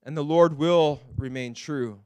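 A man preaching a sermon as pastor, earnest, dropping to a hush and rising to loud pleading. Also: a little high, a little slow, clear, resonant tone, no room sound. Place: church.

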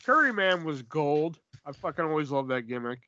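A man co-hosting a podcast, chatting casually and profanely about wrestling, rambling and animated. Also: on the high side, moderate pace, muffled recording. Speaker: podcast co-host. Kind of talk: casual wrestling review chat.

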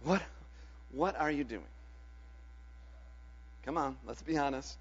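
A man preaching a Sunday sermon as pastor, swinging from loud declarations to hushed, drawn-out words. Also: mid-range voice, husky. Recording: dull lo-fi with mains hum.

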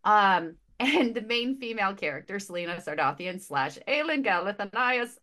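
A woman in a casual book chat, speaking at a mid pitch for a woman. She gushes and is emotionally expressive, trips over her own words and repeats herself as her thoughts race ahead. She talks like a panelist among friends. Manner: quick restarts and repeated words. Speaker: podcast panelist.

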